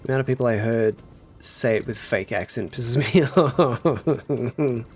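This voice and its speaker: A man's voice: medium pitch, a little slow, husky, soft background music. A man casually chatting on a gameplay livestream, muttering to himself while building and answering his chat. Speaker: streamer.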